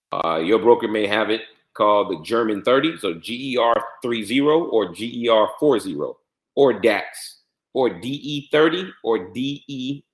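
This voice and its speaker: A man with a fairly low voice walks through a software setup. He repeats key steps and spells out letters one by one. His voice echoes around the room. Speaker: trading software instructor. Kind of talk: screen-share tutorial walkthrough.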